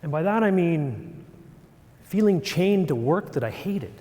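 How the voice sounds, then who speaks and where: A middle-aged man giving a storytelling talk on stage, animated and self-deprecating. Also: a little high, a little slow. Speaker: speaker. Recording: long hall reverb.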